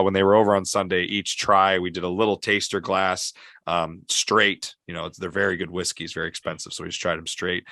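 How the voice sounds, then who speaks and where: A man's voice: lowish voice, pushed and bright, no room sound, clean studio sound. A man with a Michigan accent hosting a podcast, rambling casually through stories and laughing at his own punchlines. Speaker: podcast host.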